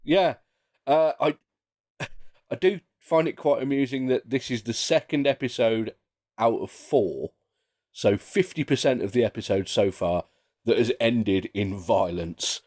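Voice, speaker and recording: A man's voice: mid-range voice, a little slow, a little mellow. A man in casual podcast chat as a guest, with wry dry humour and frequent chuckles.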